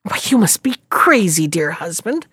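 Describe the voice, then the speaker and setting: A woman's voice: fairly low pitch, moderate pace, breathy edge, no room sound, pitched below the performer's own voice, heavily acted. A woman voicing a foolish, impatient old peasant wife who scolds her husband. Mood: scolding. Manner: sharp, scolding, easily excited.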